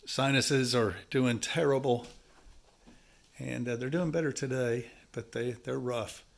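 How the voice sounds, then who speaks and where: A man's voice: medium pitch, fairly even intonation, unhurried, gravelly. A man with a stuffy, congested nose, talking casually to viewers in a folksy, rambling way while working on a house. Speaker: home-building vlogger. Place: house under construction, indoors.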